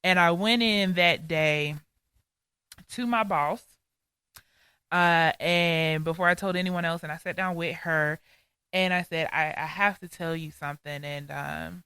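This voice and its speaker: A woman co-hosting a faith podcast, recounting a personal testimony with earnest feeling. Her voice is crisp and smooth with a bright, forward edge. The sound is dry and close, with no room around it. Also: on the low side, steady tone, measured pace, dry recording. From Georgia, US. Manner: earnest, heartfelt storytelling. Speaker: podcast co-host.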